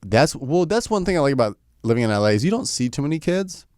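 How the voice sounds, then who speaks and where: A man's voice: medium pitch, big pitch swings, darkish tone, no echo, studio quality. A man guesting on a podcast in casual chat, joking and acting out voices in his stories. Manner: quick, jokey, acts out voices in stories.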